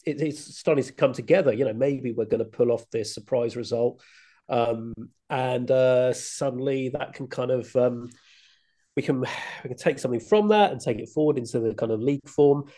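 A man's voice: medium pitch, moderate pace, dark tone. A man chatting on a football podcast, musing in a hesitant way with lots of ums. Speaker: podcast guest. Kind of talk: casual football podcast chat.

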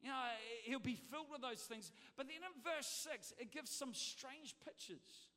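A man preaching a sermon to a congregation, swinging between shouted exhortation and chatty, humorous storytelling. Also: very high-pitched, expressive, unhurried. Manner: humorous, conversational asides to the congregation. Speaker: pastor. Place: church hall. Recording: long reverb of a large hall.

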